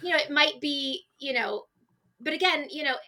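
A woman guest on a podcast, talking in an animated, storytelling way in casual chat. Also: high voice, normal speed.

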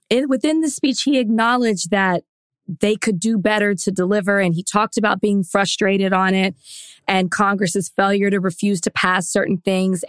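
A woman co-host argues her point in casual, opinionated bursts at a mid pitch. Her voice sounds close and dry, as if recorded at a studio mic. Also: no room sound. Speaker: podcast co-host. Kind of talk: casual chat.

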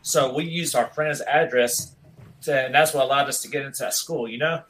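A man's voice: mid-range voice, moderate pace, fairly bright tone, rough recording. A man in his thirties telling a long school story in casual chat, rambling and laid-back, with "dude" in almost every sentence.

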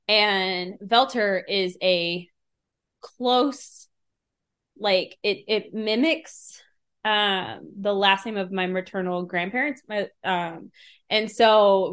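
Woman voice actor, chatty, rambling, casual, mid pitch. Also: fairly bright tone. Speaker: voice actor and writer. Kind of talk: casual behind-the-scenes anecdote.

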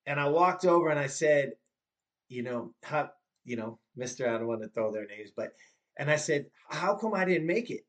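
Animated fifty-year-old storyteller. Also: male voice, fairly high pitch, moderate pace. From Southern California. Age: 50s. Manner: animated, repeats himself when moved, acts out his mom's lines. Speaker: guest. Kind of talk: storytelling in a podcast conversation.

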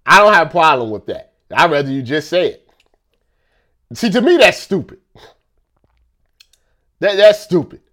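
A man's voice: fairly high pitch, sing-song, measured pace, pauses often, bright, forceful tone. A man talking in a casual rant, repeating himself and firing off rhetorical questions.

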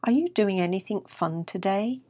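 A woman voicing a tiny, restless grey male mouse with a quick, squeaky manner in a storybook. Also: expressive, darkish tone, dry recording, close to an everyday voice. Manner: quick, squeaky, a bit higher.

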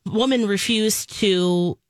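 A woman co-hosting a morning radio show in casual chat, chatty and bubbly with quick asides, on a studio microphone. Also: medium pitch, no room sound.

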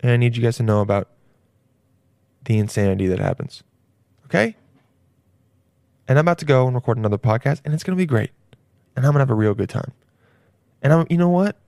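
Man, comedian podcast host, gravelly, rambling and crude, dry close mic. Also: medium pitch, expressive, fast talker, pauses often, a little mellow, dry recording. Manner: rambling, crude, laughing at own jokes. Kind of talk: casual comedy podcast monologue.

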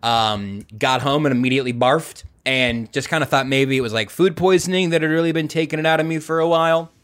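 A man's voice: a little high, fairly quick, a bit bright, clear, resonant tone. A male podcast host chatting casually over a video call, rambling with fillers and self-deprecating jokes.

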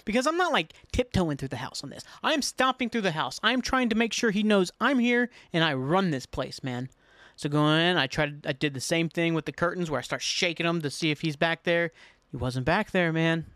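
Animated swearing man telling a story. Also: on the high side, no echo. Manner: animated, swearing, self-mocking, acts out his own panic. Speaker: podcast host. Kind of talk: casual storytelling monologue.

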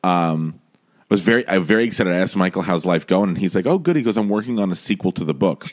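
Podcast co-host, man, very low voice with lively swings, playful and easygoing. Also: fast talker. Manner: playful, does an old-timey announcer voice at times. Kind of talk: casual chat.

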